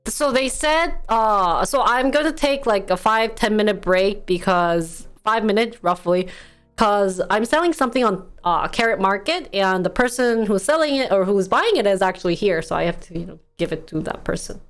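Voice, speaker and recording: A woman's voice: medium pitch, lively intonation, moderate pace, soft background music. Chatty giggly Wisconsin-accented woman streamer. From United States. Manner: chatty, giggly, reads and answers chat. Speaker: live streamer. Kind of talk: casual live-stream chat with viewers. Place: her home.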